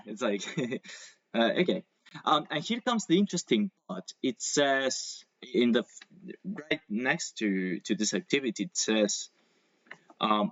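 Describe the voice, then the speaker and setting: A man whose first language is Spanish teaches English over a video call. He explains patiently with examples and drawn-out pronunciation. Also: medium pitch, no room sound, highs cut off. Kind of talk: online English lesson.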